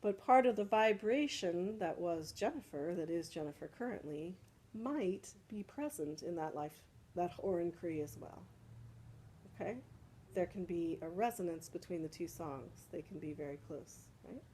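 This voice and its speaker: With a lowish, dark, animated voice at a normal pace, a woman leads a casual salon as a spiritual teacher. She explains patiently and frequently checks in with "right?", over a low-quality recording with a bit of hiss or hum.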